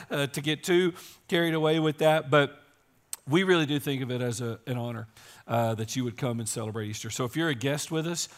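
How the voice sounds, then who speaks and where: A man preaching an Easter sermon to his congregation as pastor, his voice strained and squeaky today, joking and teasing the crowd as he talks. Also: fairly quick. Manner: joking, playful, teasing the audience. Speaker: teaching and campus pastor. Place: church service.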